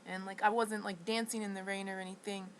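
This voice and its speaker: A woman's voice: medium pitch, flat delivery, slight background noise, low-quality recording. A woman rambles through a personal story in a vlog. Her voice sits in an ordinary middle range, and she stops and restarts often. The delivery is indignant and restless throughout. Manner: halting and restless, with many restarts and fillers. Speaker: vlogger.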